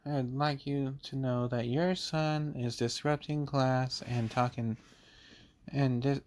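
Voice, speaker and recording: A man voicing an irritated young female substitute teacher, with a stiff, formal way of complaining, pitched above his own voice. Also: lightly acted.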